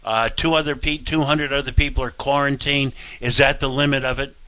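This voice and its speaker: Blunt, rambling talk radio host. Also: male voice, medium pitch, fairly even intonation, a little fast, sharp tone.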